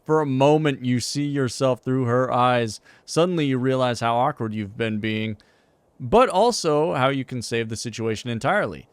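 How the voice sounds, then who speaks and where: A man's voice: mid-range voice, normal speed, clear, resonant tone, no room sound. A man streaming a game, reading its text aloud with playful, jokey asides.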